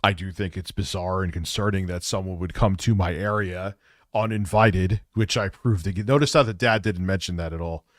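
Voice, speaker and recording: A man's voice: sits low, moderate pace, no room sound, studio quality. Mocking male livestream host. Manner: mocking and combative. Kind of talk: reaction commentary on a livestream.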